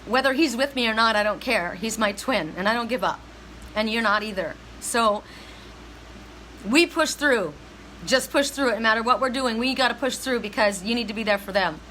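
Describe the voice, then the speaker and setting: A woman's voice: on the high side, brisk, pushed and bright, a little hiss or hum, low-quality recording. A middle-aged woman giving a heartfelt, emphatic spiritual reading to viewers on a live stream. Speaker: psychic reader.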